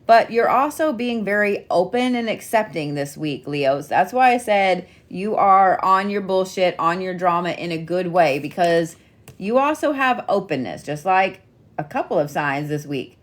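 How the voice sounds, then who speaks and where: Speaking unhurriedly in a fairly low, expressive voice, a middle-aged woman does a laid-back weekly reading of zodiac cards. She reads tarot and zodiac signs for a living, and she keeps it chatty, teasing and full of swearing.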